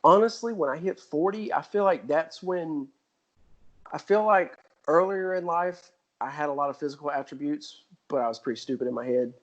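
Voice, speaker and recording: A man's voice: a little high, dull audio. A man in his forties, a guest on a podcast, talking casually with lots of fillers and restarts. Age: 40s. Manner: halting, with many fillers and restarts. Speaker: guest athlete. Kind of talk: casual interview chat.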